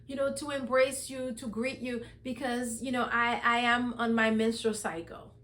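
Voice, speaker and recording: Lady putting on a scared young woman making excuses, voice pitched way up, all sorry and stumbling. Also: flat delivery, fairly bright tone, close to an everyday voice. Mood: nervous, apologetic. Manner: pleading, apologetic, halting.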